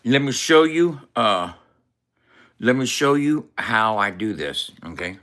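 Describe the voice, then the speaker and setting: A man's voice: mid-range voice, big pitch swings, takes it slowly, bright, forceful tone, a little hiss or hum. A man in casual, profane chat who laughs and coughs between lines and walks the viewer through his screen step by step.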